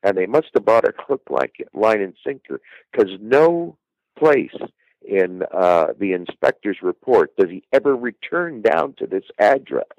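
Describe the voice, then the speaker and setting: A man's voice: lowish voice, darkish tone, no echo, highs cut off. A man telling the story of an old murder as a podcast guest, rambling with fillers and restarts. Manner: rambling, repeats words and restarts, many uh fillers. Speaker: guest true-crime researcher.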